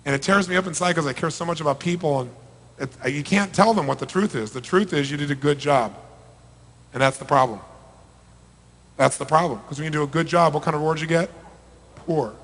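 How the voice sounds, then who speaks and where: In a big, echoing event hall, a middle-aged motivational speaker with a rather high male voice addresses a large live audience. His delivery is brisk and full of frequent pauses, moving between loud surges and hushed passages as he poses rhetorical questions to the crowd.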